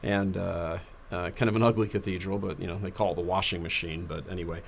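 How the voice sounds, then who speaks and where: A man's voice: low voice, fairly even intonation, fast, vocal fry, slight background noise. A man in his fifties telling an anecdote as a guest in a casual chat, laughing often. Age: 50s.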